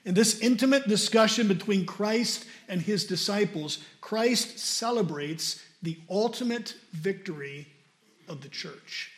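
A man preaching a sermon and reading scripture aloud, stressing key words and repeating them for emphasis. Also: sits high.

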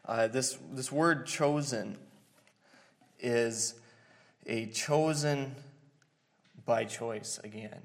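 A man preaching an expository sermon in an earnest, halting way, with many fillers and restarts. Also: mid-range voice, vocal fry.

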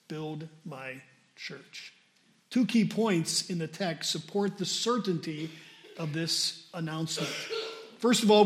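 A man preaching a sermon and reading scripture aloud, stressing key words and repeating them for emphasis. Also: high voice.

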